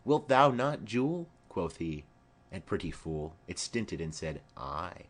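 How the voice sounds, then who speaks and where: A man's voice: sits low, big pitch swings, unhurried, pitched below the performer's own voice, full character voice. A man voicing a chatty old female nurse who rambles fondly with earthy asides, in an audiobook play reading. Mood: rambling.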